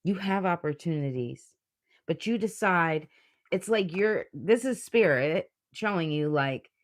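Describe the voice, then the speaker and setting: A woman reading tarot cards on a livestream, with a slightly low voice and an unhurried, deliberate pace. She talks bluntly and earnestly, cursing freely as she pushes the listener to change. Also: animated. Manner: blunt, profane, motivational; earnest, emotional. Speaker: tarot reader.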